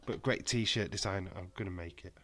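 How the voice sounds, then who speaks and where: A man's voice: deep voice, normal speed, sharp tone. A man hosting a live watch-along stream, chatting casually and joking as he reads out and answers comments from his viewers. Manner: joking banter reading out chat.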